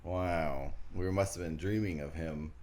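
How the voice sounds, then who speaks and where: A young man co-hosting a comedy show, teasing his brother with quick jokes. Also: deep voice, steady tone, a little mellow. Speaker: comedy podcast co-host. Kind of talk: casual banter.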